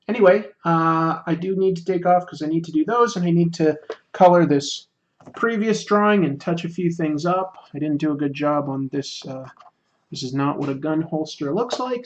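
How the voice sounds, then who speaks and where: A man's voice: on the high side, moderate pace, lo-fi sound. Easygoing male streamer chatting. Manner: reads chat aloud, self-deprecating and joking. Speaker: livestream host. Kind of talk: casual livestream chat while drawing.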